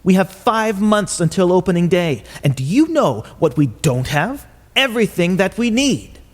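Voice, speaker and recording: A man's voice: high voice, sing-song, moderate pace, in a large hall. A man playing a curt, scolding chief architect. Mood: stern. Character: stern, exasperated male chief architect.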